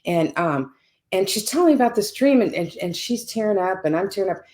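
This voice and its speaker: A woman's voice: medium pitch, lively intonation, a little fast, darkish tone. A woman guest telling a personal story in conversation, earnest and chatty, often checking in with "right?".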